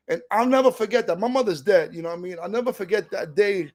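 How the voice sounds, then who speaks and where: A man's voice: sits high, fast, darkish tone. A middle-aged man, from a Puerto Rican family, telling his recovery story in a streetwise, emotional, casual way. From New York, Puerto Rican family. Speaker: recovery speaker. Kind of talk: personal recovery talk.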